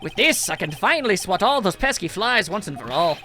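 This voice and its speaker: A man's voice: sits high, very animated, brisk, bright, forceful tone, soft background music, exaggerated voice. A man voicing a pompous, vindictive older male doctor in a video game, gloating and self-important.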